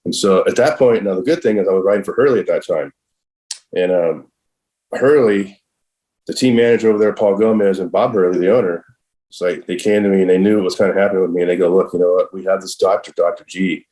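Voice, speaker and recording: Middle-aged male podcast guest, deep and low, rambling storyteller who swears freely. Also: fast talker, dark tone, poor audio. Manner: rambling and profane, heavy use of "like" and "I'm all". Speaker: podcast guest, professional skateboarder. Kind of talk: casual storytelling.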